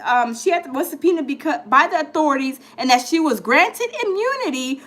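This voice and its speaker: High-pitched woman doing a gossip livestream, talks to "y'all", lots of um and uh, reads headlines out loud. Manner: animated, chatty storyteller, talks to viewers as "y'all"; reads news aloud with frequent fillers and restarts. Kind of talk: casual live-stream commentary.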